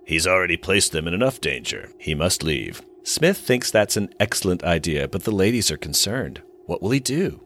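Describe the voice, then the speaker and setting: A man's voice: lowish voice, fairly bright tone, a little hiss or hum. A man co-hosting a podcast, retelling an episode's plot with wry asides between the narration. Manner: storyteller pacing, wry asides. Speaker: podcast co-host recapping an episode. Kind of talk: casual recap narration and chat.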